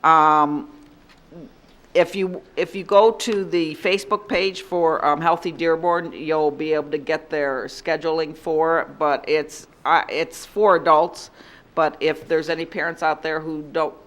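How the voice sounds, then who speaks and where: A woman trustee giving reports and reading out meeting dates at a school board meeting, in a steady listing cadence. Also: deep voice, a little slow. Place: public boardroom.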